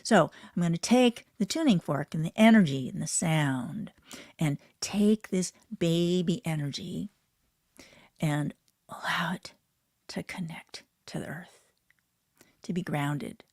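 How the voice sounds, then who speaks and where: Soft-spoken woman guiding a healing session. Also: lowish voice, no room sound, studio quality. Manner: soft, slow, often drops to a whisper. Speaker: sound and energy healer. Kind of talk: guided healing meditation.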